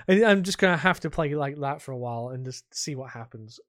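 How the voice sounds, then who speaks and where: A man's voice: mid-range voice, lively intonation, a bit bright, no echo. Rambling man on a dry podcast mic. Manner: rambling, halting, with frequent restarts and laughs. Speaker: podcast co-host. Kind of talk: casual chat.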